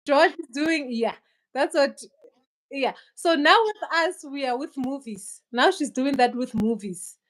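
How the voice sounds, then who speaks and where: A woman with a high, bright-pitched voice hosts a relaxed conversation. She talks earnestly and gives gentle advice, with a light laugh here and there. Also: unhurried, low-quality recording. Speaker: host. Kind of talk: casual chat.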